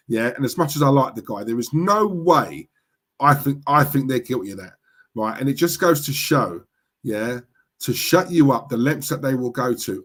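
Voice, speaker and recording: A young man ranting casually on a live stream, outspoken and repetitive, tagging his points with "right?" and "yeah?". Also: mid-range voice. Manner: outspoken, repetitive, tag questions.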